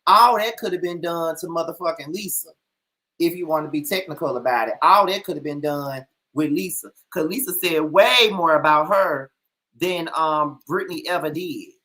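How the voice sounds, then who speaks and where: A man with a high, ringing voice reviews a reality TV episode. He rants, swears freely and talks straight to his viewers. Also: moderate pace, pushed and bright. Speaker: show recap host. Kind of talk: heated reality TV review rant.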